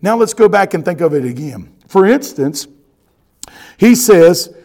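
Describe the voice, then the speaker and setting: A male pastor preaches in a folksy, animated way. His fairly high voice swings between loud, excited bursts and quiet, low stretches. He keeps checking in with the congregation. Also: measured pace. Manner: folksy and animated, keeps asking "you ready?". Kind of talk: sermon.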